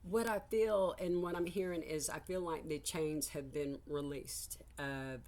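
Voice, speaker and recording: Low-voiced older woman rambling. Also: steady tone, measured pace, darkish tone. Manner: meandering, frank, swears casually. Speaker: psychic reader. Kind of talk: casual spiritual vlog monologue.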